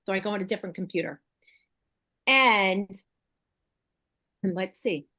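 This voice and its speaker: A woman's voice: mid-range voice, unhurried, sharp tone. Chatty enthusiastic woman broker. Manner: chatty and enthusiastic, thinks aloud. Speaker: real estate broker and host. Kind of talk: casual video call chat.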